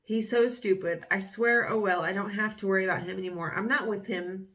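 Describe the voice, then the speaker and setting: A woman's voice: medium pitch, steady tone, fairly quick, a bit bright. Young woman, casual vlog, rambling, wry, reads old journal entries aloud. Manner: candid, wry, rambling with many fillers. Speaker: vlogger.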